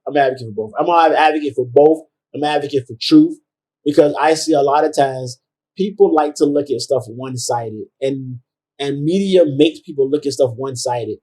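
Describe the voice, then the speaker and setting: A man co-hosting a podcast, talking in relaxed casual chat, animated and repeating himself for emphasis. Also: medium pitch, fairly quick, slightly rough, poor audio. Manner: animated, repeats himself, mock-scolding voices. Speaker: podcast co-host.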